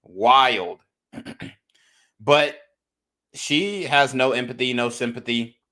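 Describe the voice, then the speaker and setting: A man's voice: mid-range voice, takes it slowly, pushed and bright. A man hosting a podcast, reacting to clips with blunt, slangy commentary and lecturing his listeners. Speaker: podcast host.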